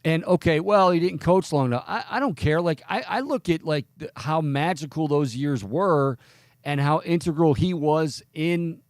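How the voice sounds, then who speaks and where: A man's voice: on the high side, expressive, normal speed, dry recording, studio quality. A man hosting a sports radio talk show, rambling and opinionated, often cutting himself off mid-sentence. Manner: rambling, self-interrupting, opinionated. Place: radio studio.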